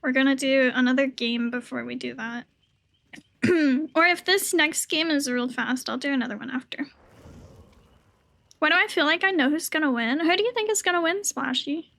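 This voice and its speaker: Woman, live streamer, high voice, bright sharp tone, casual chatty gaming talk, sore throat, cough drop in her mouth. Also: moderate pace, gravelly, long pauses. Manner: chatty, loose and swears casually.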